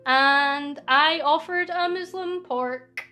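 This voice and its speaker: A woman's voice: sits high, slow pace, pushed and bright, faint music behind. A young Scottish woman streaming a casual question-and-answer chat, rambling and self-deprecating. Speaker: VTuber streamer.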